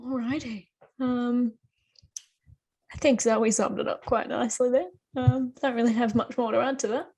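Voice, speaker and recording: Woman, Australian accent, laid-back, easygoing podcast chat, husky, fairly high. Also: steady tone, normal speed, a little mellow. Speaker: podcast co-host. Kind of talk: casual chat.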